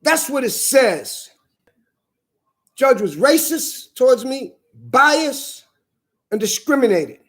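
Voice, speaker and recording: A man delivering a heated, profane monologue, repeating his points with slow, hammering emphasis. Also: very high voice, very animated. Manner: angry, profane, emphatic repetition.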